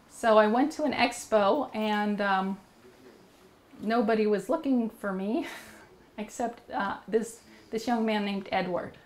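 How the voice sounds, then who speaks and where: A woman as an interview guest, telling a personal story in an earnest, rambling way with many fillers and restarts, and growing animated when she quotes herself. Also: mid-range voice, measured pace.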